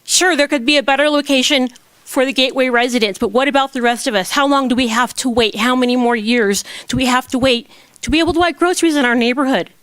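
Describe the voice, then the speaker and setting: A woman makes a passionate public comment from the podium of a town council chamber. Her voice sits fairly high and sounds dry and close, and she drives her argument with pointed rhetorical questions. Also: fast talker, a bit bright, clear, resonant tone, no room sound. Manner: impassioned, emphatic rhetorical questions.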